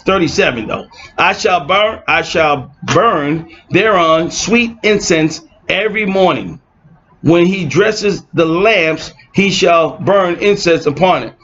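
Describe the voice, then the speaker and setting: A fairly high-voiced man leads an informal scripture lesson, reading verses and then scoffing at his opponents. The recording sounds dull and lo-fi, with a faint hiss underneath. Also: lively intonation, takes it slowly, a bit bright. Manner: reads verses aloud, then mocks opponents with sarcastic asides. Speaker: scripture teacher. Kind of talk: informal online Bible teaching.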